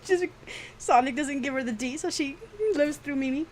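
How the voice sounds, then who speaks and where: A woman with a fairly high voice chats on a drawing stream. She is frank and laughs often, and she swears without a second thought. There is a faint hiss under her talk. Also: lively intonation, moderate pace, a little mellow. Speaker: streaming artist. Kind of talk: casual chat during a drawing stream.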